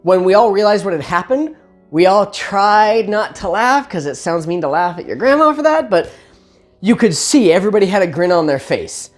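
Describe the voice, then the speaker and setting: A woman casually telling a personal holiday story with chatty asides and quick self-corrections. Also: mid-range voice, lively intonation, soft background music.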